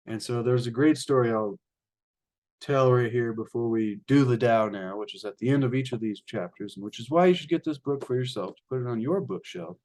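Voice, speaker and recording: Man casually telling a fable, mid-pitch. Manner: casual storytelling, addresses listeners as ladies and gentlemen. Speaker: channel host reading a spiritual book. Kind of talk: reading aloud with spoken commentary.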